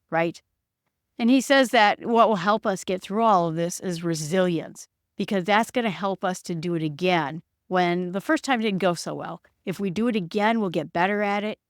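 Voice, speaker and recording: A woman's voice: medium pitch, normal speed, dry recording, studio quality. Reflective woman hosting a solo podcast. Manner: reflective, quotes her own inner voice. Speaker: podcast host. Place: home setup recorded on video.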